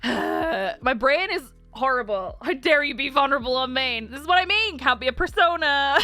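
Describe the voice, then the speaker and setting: Woman, high voice, teary, laughing often, casual stream chat, faint music behind. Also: expressive, normal speed, bright, forceful tone, no echo. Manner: emotional, laughs often, reads chat aloud. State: teary, close to crying.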